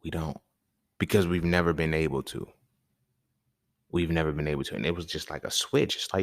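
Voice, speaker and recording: A man's voice: a bass voice, a little fast, long pauses, no room sound, clean studio sound. A man hosting a podcast, talking in a casual, emphatic monologue full of slang and repeated points. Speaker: podcast host.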